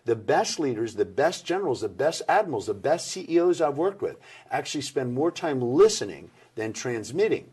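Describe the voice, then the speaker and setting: A middle-aged man giving energetic interview answers about workplace communication, acting out the people he quotes. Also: mid-range voice, husky. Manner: animated, acts out quoted people.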